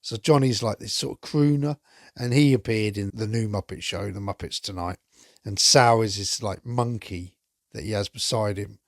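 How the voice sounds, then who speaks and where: A man's voice: fairly low pitch, moderate pace, no echo, studio quality. A man hosting a podcast, chatting enthusiastically through a casual film review and swearing now and then. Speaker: podcast host.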